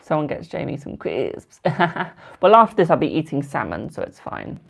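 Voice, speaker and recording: A man's voice: a little high, big pitch swings, moderate pace, vocal fry, a bit bright, breathy edge. A twenty-year-old man giving tarot readings on a live stream, chatting casually and affectionately calling viewers darling and boo. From United Kingdom. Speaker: tarot reader.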